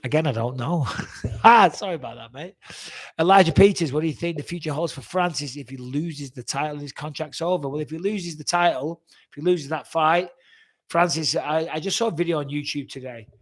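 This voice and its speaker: A man's voice: fairly high pitch, a little fast. A man in his forties, answering fan questions in a blunt, rambling way and swearing freely. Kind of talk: casual fan Q&A.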